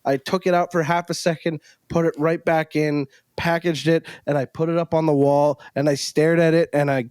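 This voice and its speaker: A man on a podcast as a guest, telling stories in an excitable, emotional way. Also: fairly high pitch, normal speed, smooth, no echo, clean studio sound. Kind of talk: casual podcast chat.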